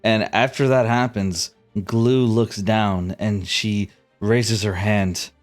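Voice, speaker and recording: A man's voice: lowish voice, takes it slowly, faint music behind. Man running a tabletop game. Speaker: game master.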